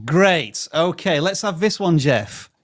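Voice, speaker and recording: A man's voice: a little high, lively intonation, takes it slowly, no room sound, studio quality. A man with a Yorkshire accent hosting a live stream in a hammy, joking way, playing up the local slang.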